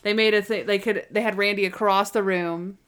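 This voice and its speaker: A chatty woman co-hosting a podcast, laughing easily as she recaps a TV episode. She jumps into the characters' lines to retell scenes. Her voice sits at a mid pitch and the delivery stays loose and conversational. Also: fairly even intonation, brisk, fairly bright tone, smooth. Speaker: podcast co-host. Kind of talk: casual chat recapping a TV episode.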